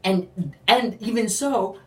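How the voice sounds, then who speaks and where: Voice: mid-range voice, slow. A speaker giving a casual faith testimony, rambling with lots of "like" and acting out quotes animatedly. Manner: rambling, heavy use of "like"; animated storytelling with acted-out quotes. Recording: roomy, distant from the mic.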